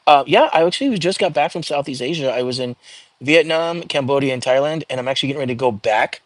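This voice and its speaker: A middle-aged man chats through his livestream, answering questions from viewers one after another. He talks quickly, in a medium pitch. The sound is dry and close, with no room echo. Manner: chatty, answers questions from the chat. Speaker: livestream host. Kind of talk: casual livestream chat, reading viewer comments.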